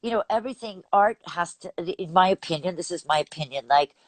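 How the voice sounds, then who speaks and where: Older woman, from Texas, vocal coach, lowish voice, animated, laughs a lot, dry close recording. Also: quick pace, no room sound. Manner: animated, laughs often, demonstrates vocal sounds. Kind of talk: casual interview chat.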